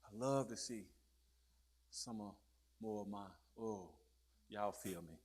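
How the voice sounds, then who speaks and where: A man preaching a fiery sermon, swinging from low murmurs to loud shouted peaks and calling out questions to his listeners. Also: takes it slowly, husky. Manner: calls out to the crowd with repeated questions.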